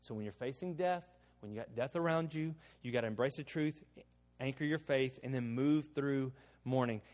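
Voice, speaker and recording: A man preaching a sermon as pastor, animated and joking, swinging between loud emphasis and quiet asides. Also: medium pitch, normal speed. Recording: long reverb of a large hall.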